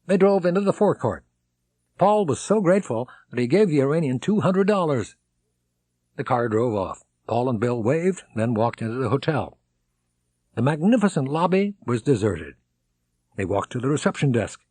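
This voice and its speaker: Dry, lively male audiobook narrator. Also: normal speed, no room sound. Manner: dramatic, shouts characters' lines high and loud. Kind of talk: audiobook reading with character voices.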